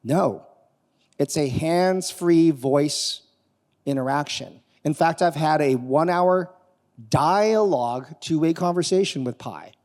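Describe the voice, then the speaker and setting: A man giving a live conference talk, animated and quizzing the audience as he demos technology. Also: on the high side, slow pace. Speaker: conference speaker. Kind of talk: live keynote talk with demo. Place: conference hall on stage. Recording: long reverb of a large hall.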